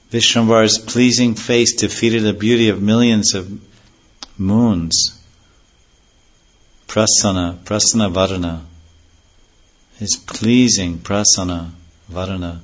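A man giving a devotional scripture lecture, slowly chanting verses and then explaining them earnestly, on a dull lo-fi recording. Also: fairly low pitch, fairly bright tone. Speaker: spiritual teacher.

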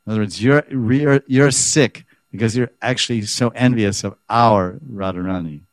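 A man with a low, grounded voice leads a scripture class, reading a commentary aloud and unpacking it line by line. He grows animated as he acts out the quoted speakers. The sound is close and dry, with no room echo. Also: moderate pace. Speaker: spiritual teacher.

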